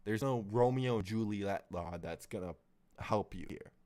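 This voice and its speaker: In a warm, lowish voice at a slightly slow pace, a man streams a profane reaction, angrily breaking down a clip. He swears constantly and talks over the footage as he rants.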